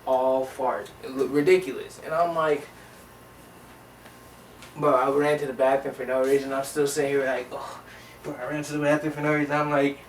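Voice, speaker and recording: A young man telling a rambling, slangy story from his childhood, animated and full of restarts. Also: medium pitch, brisk, distant mic, a little hiss or hum. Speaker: vlogger. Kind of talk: casual storytelling. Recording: roomy echo, voice a bit off mic.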